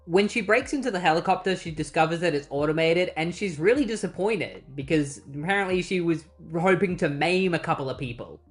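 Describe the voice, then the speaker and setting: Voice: medium pitch, lively intonation, brisk, few pauses, faint music behind. A comic book reviewer giving a casual recap with snarky, wry asides.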